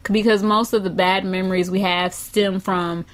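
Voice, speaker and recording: Relaxed podcast lady, normal pitch, lots of oh my goodness and laughing. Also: moderate pace. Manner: laid-back, laughs and reacts with short exclamations. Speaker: podcast co-host. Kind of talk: casual chat.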